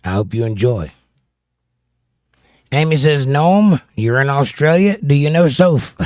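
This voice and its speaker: A man's voice: mid-range voice, expressive, measured pace, darkish tone, no echo, clean studio sound. Joking American man reading live chat. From United States. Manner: joking, playfully combative banter. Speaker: livestream host. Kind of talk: casual livestream chat, reading viewer comments.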